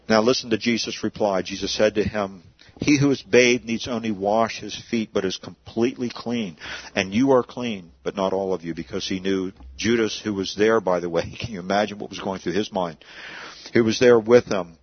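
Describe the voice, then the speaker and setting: A pastor preaches in an easygoing, conversational way, posing questions and answering them himself. His voice is husky, and the recording sounds dry and somewhat dull. He speaks at a middling pitch. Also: moderate pace, no room sound. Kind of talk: sermon.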